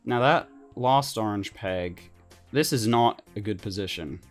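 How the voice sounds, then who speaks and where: A man giving casual let's-play commentary, excitable, swearing casually and laughing often. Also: lowish voice, unhurried, soft background music. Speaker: gaming commentator.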